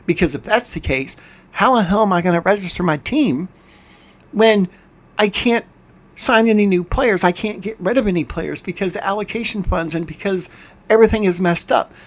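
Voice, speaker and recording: A man's voice: sits high, normal speed. An older man hosting a gaming channel, commenting on a game while playing, frustrated and ranting, often stumbling and restarting his words. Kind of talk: game commentary over screen capture.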